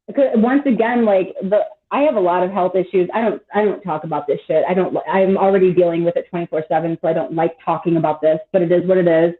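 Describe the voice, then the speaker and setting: A woman's voice: fairly low pitch, steady tone, fast talker, hardly any pauses. A woman in her thirties chatting casually on a live stream, rambling and swearing freely with lots of "like". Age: 30s. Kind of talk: casual chat. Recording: tinny phone-like call audio.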